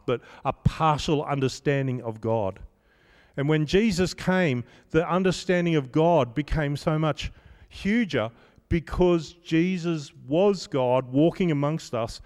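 A man's voice: fairly high pitch, darkish tone. Man preaching in a reverberant hall. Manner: conversational, self-deprecating storytelling. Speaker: pastor. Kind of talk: sermon.

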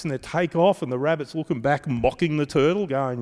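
A man's voice: on the high side, brisk. Man preaching in a reverberant hall. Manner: animated, conversational storytelling. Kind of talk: sermon.

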